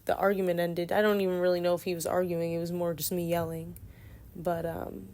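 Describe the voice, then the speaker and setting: A woman in her twenties with a fairly low voice tells a personal story in a casual, soft-spoken, meandering way.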